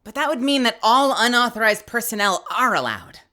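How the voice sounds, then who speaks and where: A young woman streaming a game, chatting casually, with excitable, swearing reactions. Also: fairly high pitch, a little fast, very noisy.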